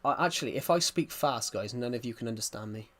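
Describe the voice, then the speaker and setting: A fast-talking, animated man with a thick West Country accent from rural England rambles on his live stream, repeating phrases and constantly saying "guys" to viewers. His medium-pitched voice is a bit bright.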